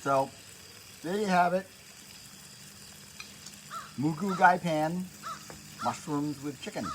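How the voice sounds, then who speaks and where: An older woman hosting a cooking show, calmly talking through each step at the stove. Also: deep voice, a little hiss or hum, low-quality recording. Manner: unhurried, step-by-step instructions while cooking. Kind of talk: cooking demonstration. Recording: loud sizzling wok under the voice. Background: frying and sizzling food.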